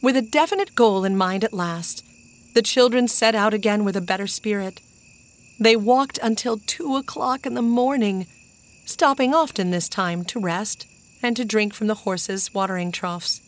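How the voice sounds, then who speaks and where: A woman narrating a children's storybook in an even, measured way. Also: medium pitch. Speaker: audiobook narrator. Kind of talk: storybook reading.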